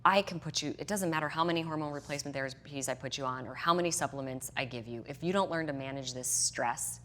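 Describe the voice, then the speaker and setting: A woman's voice: deep voice, fast talker, a bit bright, slight background noise. A middle-aged woman, a fitness and hormone health coach, chatting as a podcast guest and animatedly acting out her own past reactions. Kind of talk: casual podcast interview.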